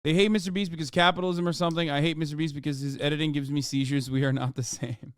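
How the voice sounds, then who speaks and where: A man in his thirties rants live to his chat, argumentative and profane. His voice sits fairly high and comes through smooth and resonant. The recording is dry and close, with no room sound. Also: steady tone, fast, no room sound. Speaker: streamer. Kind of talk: livestream reaction rant.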